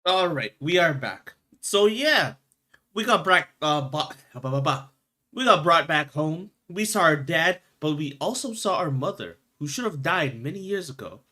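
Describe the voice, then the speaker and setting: A man's voice: a little high, big pitch swings, normal speed, sharp tone. A young man streaming a game, reacting emotionally, stammering and swearing as he comments. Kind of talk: let's play commentary.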